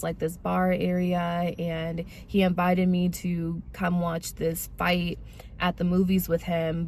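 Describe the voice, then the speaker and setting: A woman's voice: fairly low pitch, a little mellow, a little hiss or hum. A young woman speaking candidly and conversationally to her viewers as she tells her own testimony in a casual vlog. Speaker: vlogger sharing a personal testimony.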